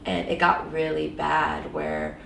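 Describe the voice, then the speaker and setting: A woman's voice: low-pitched, big pitch swings, slow pace, creaky, a bit bright, recorded from a distance, slight background noise. A woman guest in an interview, candidly telling a personal story with emotion and many fillers, in an echoey room set back from the mic.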